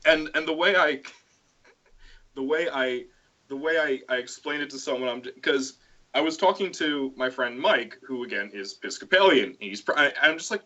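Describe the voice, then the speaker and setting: A man hosting a casual chat, an animated storyteller who swings into high put-on voices for quotes. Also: moderate pace, muffled recording. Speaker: stream host.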